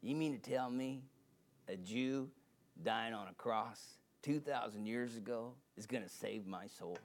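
A preacher putting on a gravelly, scornful dying old smoker. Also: male voice, medium pitch, measured pace, voice pushed down, lightly acted. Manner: mocking, disdainful.

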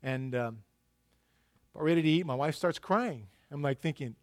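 Man, middle-aged pastor, sermon, raised pitch, loud peaks and quiet asides. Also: animated, normal speed. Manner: storytelling, swings from loud emphasis to hushed asides.

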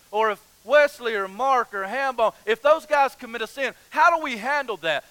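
A man's voice: extremely high pitch, bright, forceful tone, clean tone, no echo, poor audio. A man preaching a sermon as pastor, passionate, repeating phrases and asking rhetorical questions.

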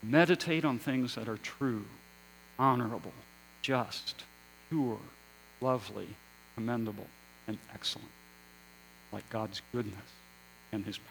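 A male pastor delivers a sermon at an unhurried, deliberate pace. His voice sits at a middle pitch, swelling for emphasis and then sinking to near-quiet. A faint electrical hum runs under the recording. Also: poor audio. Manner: slow, measured preaching with rising emphasis and hushed endings.

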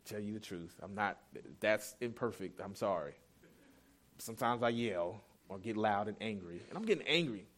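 A man's voice: on the low side, animated, normal speed, a bit bright. A man in his thirties preaching a sermon as pastor, telling a family story in a candid, self-deprecating, conversational way.

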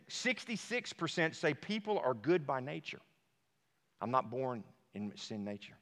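A man preaching a sermon as a pastor, emphatic, dropping to a hush and then rising to shouts. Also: mid-range voice, big pitch swings, measured pace. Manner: emphatic, swings from hushed to shouting. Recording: long hall reverb.

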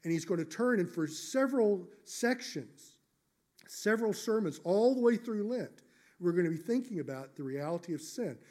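Man, pastor, sermon in church, high-pitched voice, emphatic measured delivery. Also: lively intonation, darkish tone. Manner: emphatic, measured preaching with slowed stressed phrases.

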